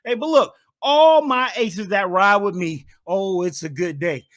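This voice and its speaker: Male podcast host, high bright voice, casual and hyped, keeps saying "man". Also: a little slow. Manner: animated, hypes himself up, says "man" a lot. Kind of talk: solo podcast monologue.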